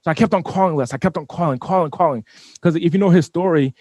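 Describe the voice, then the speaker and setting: A man telling a personal story as an interview guest, animated and often repeating and restarting his words. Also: fairly high pitch, fast talker, no echo. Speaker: business owner guest. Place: studio.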